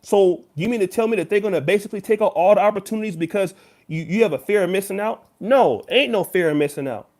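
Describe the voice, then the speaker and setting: High-voiced man lecturing viewers. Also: quick pace, darkish tone. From United States. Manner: emphatic, lecturing, speaks straight to the viewer. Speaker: YouTuber. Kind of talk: direct-to-camera commentary.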